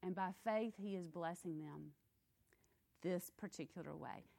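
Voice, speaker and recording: A woman's voice: on the low side, a little slow, creaky. A woman teaching a Bible study in a conversational, emphatic way, reading scripture aloud and explaining it. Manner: expressive, emphatic, acts out quotes.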